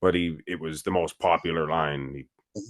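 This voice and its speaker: Man, very low pitch, dry close sound, drawling stories. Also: steady tone, normal speed, dry recording. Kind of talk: casual chat.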